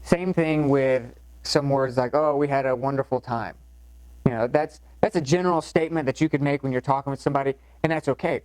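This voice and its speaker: A man gives a recorded writing lesson, explaining points in a relaxed, conversational way and circling back with fillers and restarts. His voice sits at an ordinary middle pitch. The sound is close and dry, with no room echo. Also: fast, hardly any pauses, clean tone. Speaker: course instructor. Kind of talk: recorded lecture.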